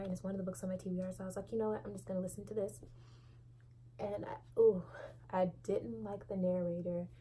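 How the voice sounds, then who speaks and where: A young woman talks through a casual book review in a low, mellow voice. She is candid and expressive, and there is a faint hiss of noise behind her. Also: low-quality recording. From Southern United States. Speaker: book vlogger.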